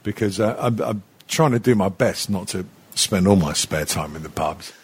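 Husky, sweary middle-aged man. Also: sits low, expressive, normal speed. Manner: sweary, rambling, mocking, laughs as he talks. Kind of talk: crude casual banter.

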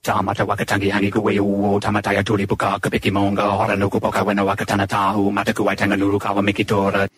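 Man doing a rapid monotone mock chant. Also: on the low side, breathy edge, no echo, voice pushed down.

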